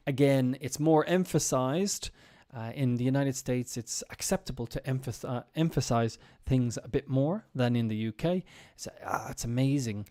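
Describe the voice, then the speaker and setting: Mellow-voiced male English teacher. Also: medium pitch, normal speed. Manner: explanatory, with frequent ums and restarts. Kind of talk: casual live-streamed lesson.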